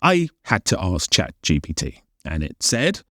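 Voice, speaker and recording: A man's voice: low-pitched, wildly swooping pitch, measured pace, fairly bright tone, faint music behind. A man narrating a comedic film critique, firing off exasperated, incredulous questions. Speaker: film commentator.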